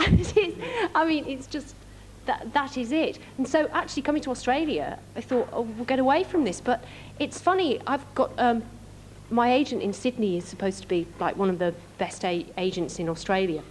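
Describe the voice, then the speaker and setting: A woman's voice: a little high, moderate pace, slight background noise. A young woman with a northern English accent, talking earnestly and emphatically as a guest on a convention panel. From north of England. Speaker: guest actor. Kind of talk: fan convention panel talk.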